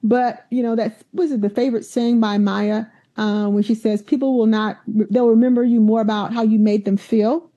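A middle-aged woman, a university president, telling stories in an animated, emphatic way in a conversational interview. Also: on the high side, normal speed, few pauses. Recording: dull lo-fi sound.

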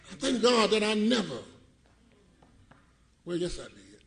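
A middle-aged man preaching a sermon, telling stories, swinging between laughing asides and shouted points. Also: high voice, unhurried, vocal fry. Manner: animated, shouting and laughing with the congregation. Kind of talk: sermon storytelling. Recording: church congregation audible. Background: live congregation.

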